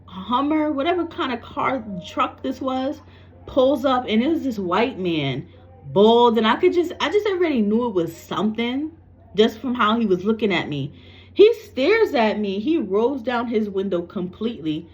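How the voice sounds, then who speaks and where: A woman's voice: mid-range voice, expressive, normal speed, dull audio. A psychic medium, a woman from New York, animatedly tells a personal story to camera and swears freely.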